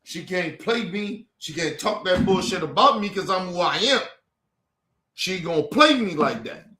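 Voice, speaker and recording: Casting note: furious man venting, high bright voice, echoey room, profane and repetitive. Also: lively intonation, normal speed. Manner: heated, profane, repetitive outbursts. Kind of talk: angry personal rant.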